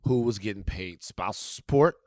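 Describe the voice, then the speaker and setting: A man's voice: fairly low pitch, normal speed, a little mellow, dry recording, studio quality. A man co-hosting a podcast in casual, joking chat, sometimes talking while eating. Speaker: podcast co-host.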